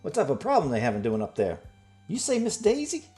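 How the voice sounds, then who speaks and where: A man's voice: on the high side, wildly swooping pitch, fairly quick, a little mellow, faint music behind, pitched above the performer's own voice. A man doing a dismissive raised-voice local man. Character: dismissive middle-aged man, protective brother.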